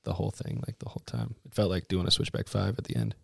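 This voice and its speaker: Laid-back young man, low voice. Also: big pitch swings, quick pace, gravelly, no echo, clean studio sound. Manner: laid-back, slangy storytelling with many fillers. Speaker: guest, pro snowboarder. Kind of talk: casual podcast chat.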